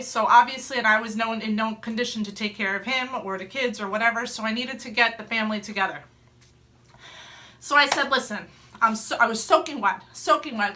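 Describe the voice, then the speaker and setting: A young adult woman telling a personal story in a casual vlog, animated and laughing often as she acts out her own quotes. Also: on the high side. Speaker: mom vlogger telling a story.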